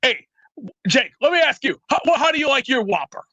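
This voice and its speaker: High-voiced brash man ranting on a call. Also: sing-song, fairly quick, no echo. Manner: brash, loud, rambling tough-guy bluster. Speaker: show caller. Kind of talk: comedic call-in rant. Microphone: remote internet call. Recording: lo-fi internet call audio.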